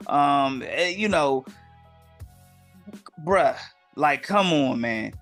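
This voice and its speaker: A man's voice: high-pitched, lively intonation, unhurried, long pauses, pushed and bright, soft background music. A man hosting a sports podcast segment, giving his casual take on the week's news with slang-filled, exasperated asides.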